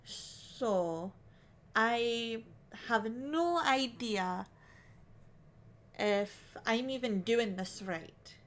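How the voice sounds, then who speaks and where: A woman's voice: on the high side, animated, drawn-out words. A woman livestreaming her crochet work, chatting casually in a put-on Scottish accent and thinking aloud as she wonders if she is doing it right. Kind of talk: casual live-stream chat.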